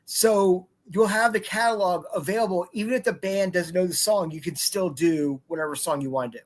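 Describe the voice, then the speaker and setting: A man speaking as a guest on a live show, explaining things calmly. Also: high-pitched, fairly quick. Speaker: event organizer guest. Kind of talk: casual live-stream chat.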